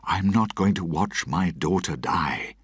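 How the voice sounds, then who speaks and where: A man's voice: deep voice, lively intonation, a little slow, a bit bright, breathy edge, no echo, clean studio sound, pitched above the performer's own voice, heavily acted. A man voicing an older male colonial governor who is an anxious, protective father, speaking with urgent pleading. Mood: insistent.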